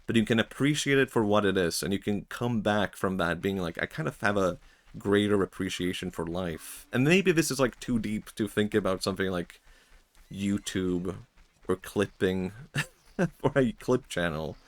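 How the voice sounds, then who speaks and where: A man's voice: on the low side, expressive, moderate pace. A young man streaming, talking in a rambling, reflective way with many fillers and frequent laughs. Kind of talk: casual stream chat.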